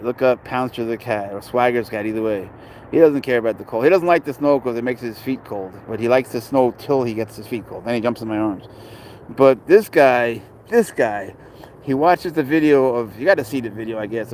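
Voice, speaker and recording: A man's voice: mid-range voice, a little mellow, a little hiss or hum, low-quality recording. A man casually chatting on a livestream about his pet, rambling and blunt, swearing freely as he reads and answers comments outdoors.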